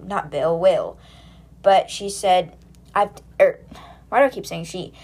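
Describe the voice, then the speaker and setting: A woman's voice: fairly low pitch, unhurried, a little mellow. Chatty woman recapping a book. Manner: chatty retelling with lots of "like" and paraphrase. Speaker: book podcast host. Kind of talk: casual chapter recap.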